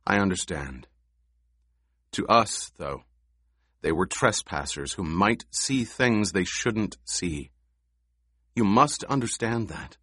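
A man reading the part of a resolute young male duke in an audiobook, speaking in a measured, quietly commanding way. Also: low voice, expressive, husky, no echo, clean studio sound, heavily acted. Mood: calm.

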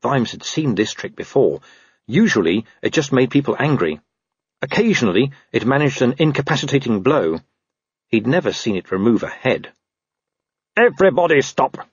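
Male audiobook narrator, wry and animated; dry close mic. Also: medium pitch, moderate pace, slightly rough, no echo, highs cut off. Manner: lively, wry storytelling. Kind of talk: scripted narration of a comic fantasy novel.

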